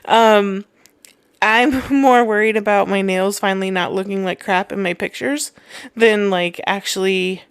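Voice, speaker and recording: A woman's voice: mid-range voice, fairly even intonation, a little slow, clean tone, dry recording. A young woman hosting a podcast in casual chat, reading listener comments aloud and laughing often. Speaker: podcast host.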